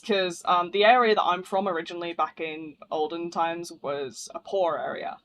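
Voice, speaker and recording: A man's voice: on the high side, steady tone, normal speed, fairly bright tone, slight background noise. A man with a northern English accent and a thick voice, live streaming a game in a rambling, slangy, casual chat with viewers. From northern England.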